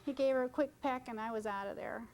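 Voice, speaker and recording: Speaking fast in a high, slightly mellow voice, a middle-aged woman chats her way through a casual talk for photographers in a conference room. She hops from subject to subject and trades jokes with the crowd, on poor audio with a little hiss or hum.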